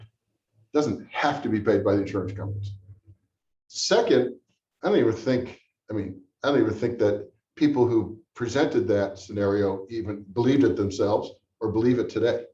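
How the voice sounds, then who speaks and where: A man's voice: mid-range voice, darkish tone. A man answering questions at a town hall in a blunt, sarcastic manner. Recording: roomy, distant, dull sound.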